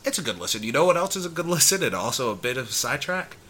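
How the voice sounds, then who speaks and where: A man's voice: mid-range voice, very animated, very fast, pushed and bright, slight background noise. A young man co-hosting a podcast in casual chat, chatty, laughing often and trailing off mid-sentence. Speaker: podcast co-host.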